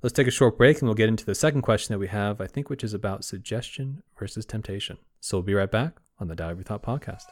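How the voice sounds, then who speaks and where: Calm low-voiced man hosting a spiritual podcast. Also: fast talker, few pauses. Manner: calm, gently instructive. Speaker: podcast host.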